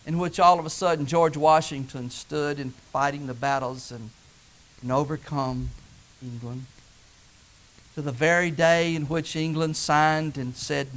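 A man preaching a sermon, swinging from loud, rising calls to hushed, low asides. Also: fairly even intonation, a little slow.

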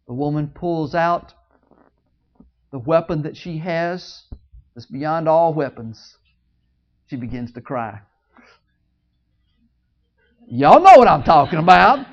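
A preacher telling a Bible story in a sermon, swinging between loud, high outbursts and hushed low asides, joking with the congregation. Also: expressive, slow pace, long pauses. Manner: jokes with the congregation. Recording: dull lo-fi recording.

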